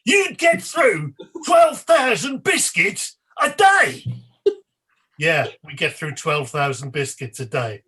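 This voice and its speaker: A man putting on a loud TV presenter who shouts every answer back in mock amazement. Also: medium pitch, moderate pace, hardly any pauses, breathy edge. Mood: bellowing amazement.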